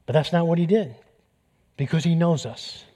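A male pastor preaching a sermon, telling stories with lively acted-out dialogue. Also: on the high side, moderate pace, big-room sound. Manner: animated storytelling, acting out dialogue.

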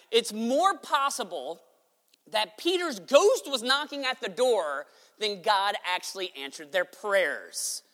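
Preacher in his forties, high and very bright voice, long hall reverb, animated and joking. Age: 40s. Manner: animated, conversational, jokey. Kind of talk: sermon.

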